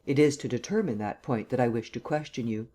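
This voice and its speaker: Male narrator doing a formal, cold-voiced DA interrogating, mid pitch. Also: a little fast, dark tone, close to an everyday voice. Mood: cold, probing. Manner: level, cold questioning. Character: stern district attorney, cold and formal.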